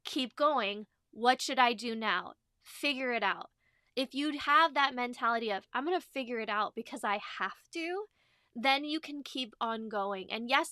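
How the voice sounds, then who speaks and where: A woman's voice: fairly high pitch, no echo, studio quality. A woman hosting a business interview, speaking in an encouraging, heartfelt way. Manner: warm, emotional, encouraging. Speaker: host.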